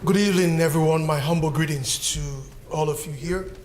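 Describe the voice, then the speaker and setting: Man, high voice, disability activist, formal and earnest address, echoey room. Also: a little fast, darkish tone, a little hiss or hum.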